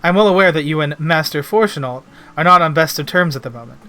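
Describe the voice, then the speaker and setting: A man voicing a gracious, doting upper-class mother from a video game, reading her refined lines aloud on stream in a bright, fairly high voice. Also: fast talker. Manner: refined, formal old-fashioned phrasing.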